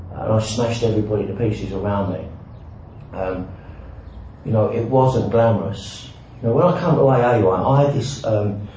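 A man shares his recovery story in a blunt, self-mocking way, dropping the odd swear word. His voice booms around a large, very echoey hall. The recording sounds dull and muffled. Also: mellow, a little hiss or hum. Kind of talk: personal recovery talk with self-mocking humour.

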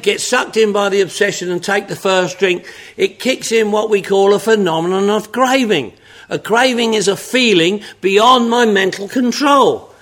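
A man's voice: high-pitched, fairly bright tone. A man speaking to an audience at a recovery meeting, telling his story in a folksy, drawling, joking way with lots of repetition.

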